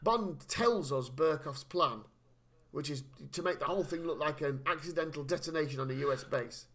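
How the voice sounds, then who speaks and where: A man with a high, bright voice co-hosts a casual chat. He recaps a film in a jokey, rambling way and swears freely. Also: moderate pace. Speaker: podcast co-host.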